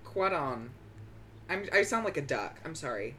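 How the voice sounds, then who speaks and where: Giggly young woman with a deep voice that swings up and down, faint noise in the background. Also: sing-song, a little fast, fairly bright tone. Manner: giggly, self-deprecating. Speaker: co-host asking trivia questions. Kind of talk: casual chat.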